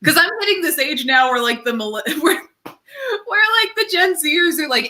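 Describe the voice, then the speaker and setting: A woman's voice: high-pitched, animated, normal speed, pushed and bright. A woman co-hosting a comedy podcast, chatting casually and laughing through rambling asides.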